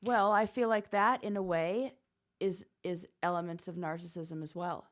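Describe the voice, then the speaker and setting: A woman co-hosting a podcast in casual chat, expressive and quick to exclaim. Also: on the low side. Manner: expressive, exclaims and reacts openly. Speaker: podcast co-host.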